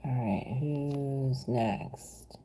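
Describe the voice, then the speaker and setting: A woman with a raspy, gravelly smoker's voice giving a casual livestream tarot reading, loose and chatty with lots of fillers. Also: a bass voice, extremely slow, warm tone, a little hiss or hum. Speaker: tarot reader.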